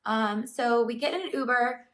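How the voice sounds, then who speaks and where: A woman's voice: a little high, normal speed. Chatty woman, set back from mic. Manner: chatty, fillers of "like" throughout, animated retelling. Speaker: vlogger. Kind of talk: casual storytime to camera. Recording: voice somewhat far from the mic.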